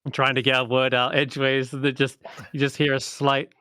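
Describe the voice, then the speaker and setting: A man's voice: medium pitch, level tone, bright, forceful tone, clear, resonant tone, no room sound. Game master, male, casual narration, dry sound. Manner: casual, laughing, quick asides. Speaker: dungeon master.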